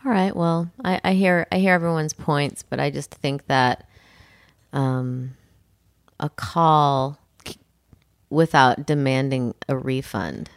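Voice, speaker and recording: A woman's voice: low-pitched, slow, long pauses, dry recording, studio quality. A woman co-hosting a podcast, chatting casually with a teasing edge and reading listener emails. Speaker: podcast co-host. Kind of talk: casual banter.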